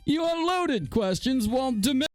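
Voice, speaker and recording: A man putting on a smug, self-satisfied woman flat earther in a sneering falsetto. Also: a little slow, soft background music. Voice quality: mocking falsetto.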